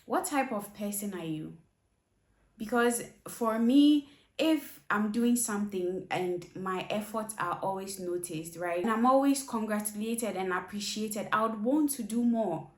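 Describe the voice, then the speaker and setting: A woman's voice: mid-range voice, unhurried, reverberant. A woman host reacting to clips in casual commentary, questioning and emphatic as she pushes back on advice.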